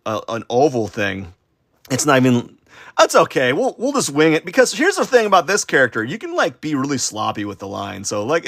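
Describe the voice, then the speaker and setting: A man's voice: medium pitch, fairly bright tone, dry recording, studio quality. A man chatting casually on a livestream while drawing, rambling, stuttering and putting himself down. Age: adult. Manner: rambling, self-deprecating, stuttering. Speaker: streaming artist.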